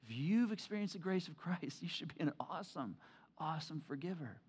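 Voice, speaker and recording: A pastor preaching a sermon, telling family stories with animated, repetitive emphasis. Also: male voice, a little high, brisk, slightly rough.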